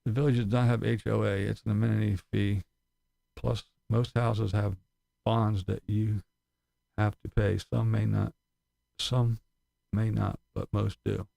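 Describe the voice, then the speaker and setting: A man's voice: lowish voice, flat delivery, a little slow, gravelly, pauses often, mellow, no room sound, studio quality. A man ranting in profane, sarcastic commentary, laughing between his jabs. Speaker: commentary channel host.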